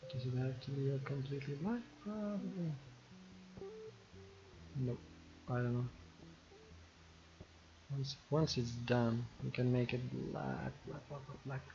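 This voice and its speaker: A man's voice: medium pitch, a little slow, pauses often. A man talking casually to himself while he paints on stream, muttering and repeating words. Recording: dull lo-fi audio with music behind.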